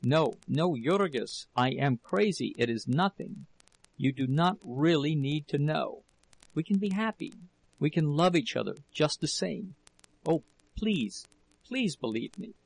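A man's voice: mid-range voice, slow pace, creaky, long pauses, darkish tone, dry recording, rough recording. A man voicing a frantic, tearful young wife. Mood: pleading. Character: desperate young woman pleading with her husband.

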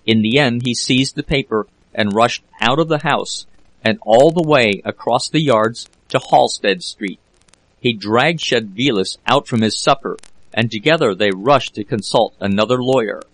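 A man narrating a classic novel as an audiobook reader, in a steady, measured way. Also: medium pitch, no room sound, poor audio. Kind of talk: scripted narration.

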